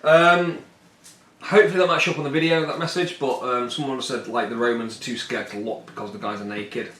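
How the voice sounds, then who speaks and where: A man's voice: mid-range voice, steady tone, fairly quick, fairly bright tone. Chatty man in an echoey room. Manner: rambling and jokey, puts on silly voices for the miniatures. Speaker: tabletop wargame player. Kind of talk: casual solo play-through with chat.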